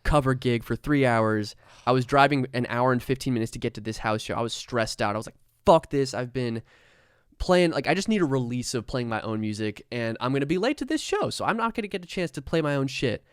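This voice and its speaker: A man telling a story as a podcast guest, his voice smooth and crisp in a dry studio. He speaks casually and with energy, swears freely, and acts out other people's lines as he goes. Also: medium pitch, fast, no room sound. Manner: animated, swearing, acts out quotes. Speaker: musician guest.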